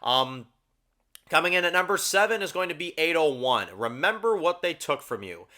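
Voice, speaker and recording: A man hosting a casual TV review channel, tearing into episodes with blunt, exasperated swearing. His voice sits a little high for a man and sounds bright and sharp, and he repeats words to hammer his points home. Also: big pitch swings, normal speed. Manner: frequent fillers, repeats words for emphasis. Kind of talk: casual ranked-review rant.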